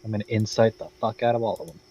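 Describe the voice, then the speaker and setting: A man's voice: lowish voice, flat delivery, very fast, a little mellow, slight background noise, poor audio. A man playing a tabletop game, eager and joking in casual table talk. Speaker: player.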